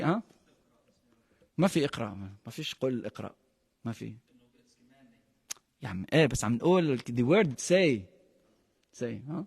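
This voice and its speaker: A man's voice: a little high, big pitch swings, brisk, creaky, long pauses, breathy edge, in a large hall. A man teaching a Quran lesson, emphatic, often quizzing his class and mixing phrases into his English. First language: Arabic. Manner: quizzes the class with frequent questions.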